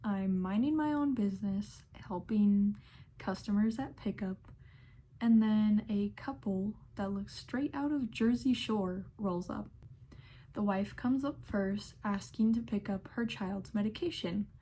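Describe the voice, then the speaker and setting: Slow, sassy young woman telling stories. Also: medium pitch, mellow. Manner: sassy, exasperated. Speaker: pharmacy technician. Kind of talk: storytime vlog narration.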